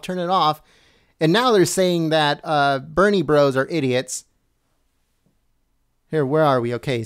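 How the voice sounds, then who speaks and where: Slow-reading man commenting on news. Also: a little high, clear, resonant tone, dry recording, studio quality. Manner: reads slowly, stumbles and corrects himself, asks viewers questions. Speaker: political commentary host.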